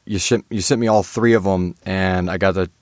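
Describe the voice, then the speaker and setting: A man hosting a podcast interview, talking in a rambling, halting way with many restarts. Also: low-pitched, fairly even intonation, a little mellow, no room sound. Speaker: podcast host. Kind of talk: casual interview chat.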